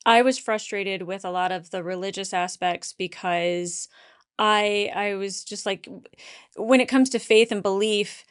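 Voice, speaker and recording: A woman's voice: mid-range voice, fairly even intonation, a little slow, smooth. A woman speaking as a guest on a casual panel, earnest and reflective.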